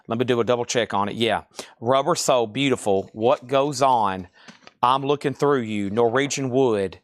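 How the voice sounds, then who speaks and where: A man hosting a live-stream record sale, calling out titles, bids and prices in a steady stream. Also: mid-range voice, no echo. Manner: rapid-fire listing of items and prices. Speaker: live auction seller.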